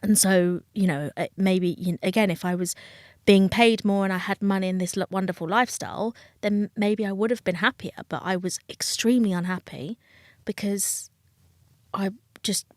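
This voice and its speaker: A woman's voice: medium pitch, fairly even intonation, normal speed, no echo, clean studio sound. A middle-aged British woman, a dating coach, speaking frankly and emotionally in an interview, acting out other people's voices. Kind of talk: candid interview talk.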